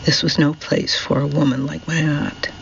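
A man voicing a troubled young man who speaks quietly and formally. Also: fairly high pitch, little pitch movement, normal speed, gravelly, highs cut off, slight background noise. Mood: grim.

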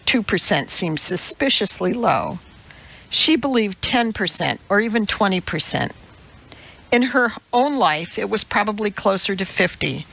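Woman audiobook narrator, measured and wry, slow, dull lo-fi recording. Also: mid-range voice, lively intonation, vocal fry, fairly bright tone. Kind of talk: scripted narration.

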